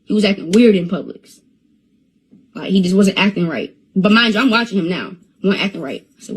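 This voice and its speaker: A woman's voice: mid-range voice, a little fast, breathy edge, poor audio. A young woman on a phone live stream, talking in an agitated rant that stammers and repeats itself.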